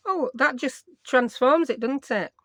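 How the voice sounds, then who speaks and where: Her voice is high-pitched, a bit bright and unhurried, with a faint hiss or hum in the recording. She's a Yorkshire-accented craft vlogger chatting through a desk tutorial, mocking herself and using dialect words.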